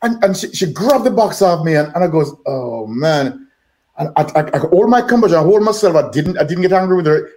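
A man's voice: on the high side, a little mellow. Older British-accented man telling stories. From Jamaica. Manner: rambling, repeats words, acts out dialogue. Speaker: guest musician. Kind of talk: storytelling in a podcast interview.

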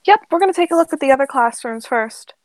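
A woman's voice: high voice, expressive, quick pace, no echo. A woman playing a tabletop game, planning aloud in a practical way with frequent "um"s. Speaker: player. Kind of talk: casual chat in a tabletop game.

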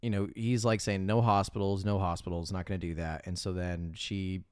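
A man's voice: sits low, little pitch movement, a little mellow, clean tone, no room sound, studio quality. A man co-hosting a podcast, casually recapping a movie in a rambling way with lots of fillers and restarts. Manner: rambling, many fillers and restarts, quick to laugh. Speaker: podcast co-host.

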